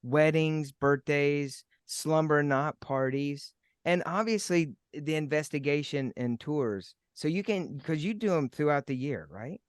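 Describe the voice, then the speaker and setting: Male co-host, mid-pitched, jokey, halting restarts, dry close sound. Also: smooth, no echo. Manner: stammering restarts, joking. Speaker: podcast co-host. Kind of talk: casual chat.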